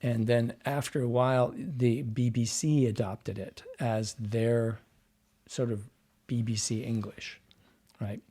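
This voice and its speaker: A man's voice: mid-range voice, level tone, slow, warm tone, husky. A man, a dialect coach and actor, explaining at length in a casual podcast interview and drifting off into side topics. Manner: explains at length, wandering and digressive.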